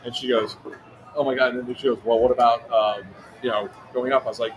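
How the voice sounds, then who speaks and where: Guy rattling off a wild story real fast, swearing a lot, noisy event behind him. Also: medium pitch. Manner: fast, animated, swearing anecdote teller. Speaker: livestream co-host. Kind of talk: casual storytelling. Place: outdoor airsoft event.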